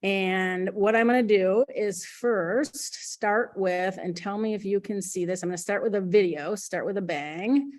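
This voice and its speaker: A woman's voice: medium pitch, a little slow, hardly any pauses. A woman presenting a product on a webinar, chatty and a little flustered.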